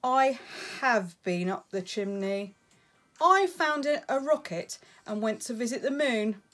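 A woman's voice: animated, moderate pace, soft background music. A woman voicing an eager little boy bear cub in a storybook reading. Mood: earnest. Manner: high, bright-eyed and curious.

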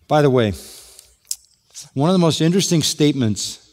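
A man's voice: fairly high pitch, animated, normal speed, darkish tone. A man preaching a sermon, walking through a passage verse by verse with rhetorical questions. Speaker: pastor. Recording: long hall reverb.

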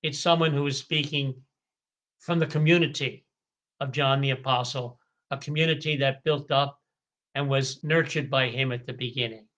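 A man, a priest, giving a slow, deliberate scripture study lecture, stretching key words and sometimes correcting himself mid-phrase. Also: mid-range voice, fairly even intonation, fairly bright tone, muffled recording. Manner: occasional stumbles and self-corrections.

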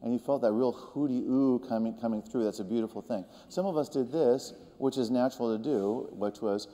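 A man leading a group through vocal warm-ups, talking gently and encouragingly and singing short demonstration notes. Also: medium pitch, a little fast. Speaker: vocal coach. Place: large hall with a group of singers. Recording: reverberant hall, faint room hum.

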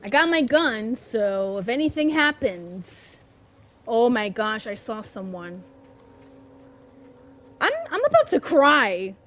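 A young woman giving let's play commentary on a horror game, exasperated and complaining, shouting at her character. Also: a little high, very animated, takes it slowly, pauses often. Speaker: gamer playing a horror game.

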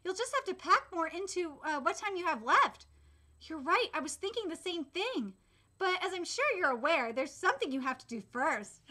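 A woman in her late twenties reading a manga chapter aloud and reacting live as a streamer, excitable, shouting and swearing when thrilled, and often stumbling and correcting herself mid-sentence. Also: very high voice, normal speed, slight background noise. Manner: reads aloud with frequent slips and self-corrections.

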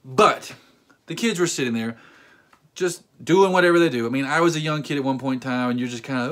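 A man's voice: medium pitch, a little fast. A man in his thirties telling a story in a casual vlog, joking and acting out voices. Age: 30s. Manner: animated, acts out voices, joking rants. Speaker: vlogger.

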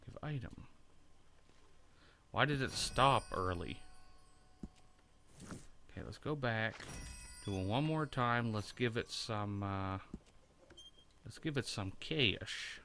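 A man's voice: fairly low pitch, expressive, slow, long pauses, sharp tone, slight background noise. A man hosting a let's play, casually thinking aloud and swearing as he plays. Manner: profane, rambling, thinking aloud. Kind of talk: casual gameplay commentary.

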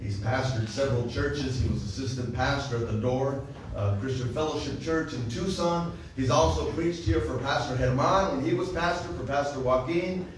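Earnest man introducing a preacher, echoing hall. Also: mid-range voice. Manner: earnest, measured, with amens. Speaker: church host introducing the preacher. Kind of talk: formal church introduction. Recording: echoey church hall, far from mic, noisy.

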